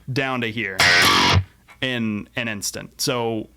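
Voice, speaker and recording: A relaxed man talks loosely through his riff-writing in a home studio and pokes fun at himself as he goes. His voice sits mid-range, and clear guitar and drum playback runs right under his words. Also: medium pitch, normal speed. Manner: laid-back, chatty, self-deprecating, trips over words. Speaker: musician making a song on camera. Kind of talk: casual studio walkthrough. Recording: music playing behind the voice.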